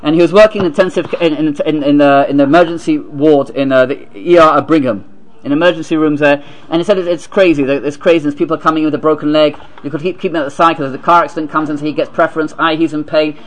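High-voiced man giving a sermon. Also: fairly even intonation, poor audio. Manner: halting, restarts and repeats words, then reads aloud steadily. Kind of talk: sermon with a read-out story.

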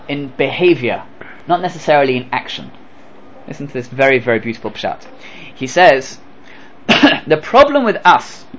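Animated man giving a Torah lecture. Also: a little high, lo-fi sound. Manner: animated, acts out dialogues, rhetorical questions. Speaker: rabbi.

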